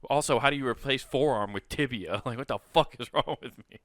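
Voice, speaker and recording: A man's voice: medium pitch, a little fast, fairly bright tone, dry recording, studio quality. A man hosting a podcast in casual chat, self-deprecating, swearing a lot and laughing often. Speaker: podcast host.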